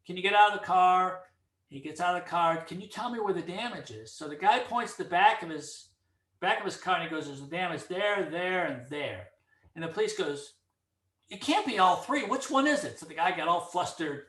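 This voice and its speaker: Animated, bright-voiced middle-aged man. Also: sits high, roomy sound. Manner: animated storyteller, acts out dialogue. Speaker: speaker giving commentary. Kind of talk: casual opinion monologue with anecdote.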